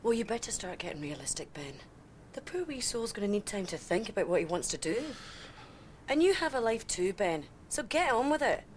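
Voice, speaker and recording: A woman's voice: medium pitch, sing-song, brisk, slight background noise, lightly acted. An actress playing a no-nonsense woman who speaks in a blunt, sardonic way. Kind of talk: TV drama acting.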